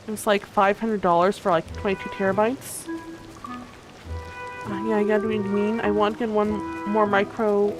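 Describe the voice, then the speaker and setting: A young woman livestreaming a game, chatting casually and a bit sleepily, rambling with lots of fillers and restarts. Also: mid-range voice. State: sleepy, yawning. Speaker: gaming streamer. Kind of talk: casual livestream chat while gaming.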